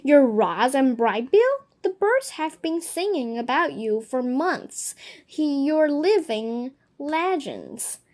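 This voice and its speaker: A woman voicing a curious, excitable female skunk creature with a squeaky, eager voice in a storybook reading. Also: slow, gravelly, few pauses, full character voice. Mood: excited.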